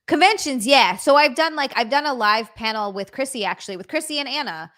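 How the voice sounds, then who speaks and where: A woman's voice: sits high, expressive, brisk, fairly bright tone. A young woman guesting on a podcast, chatting frankly and laughing easily. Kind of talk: casual chat.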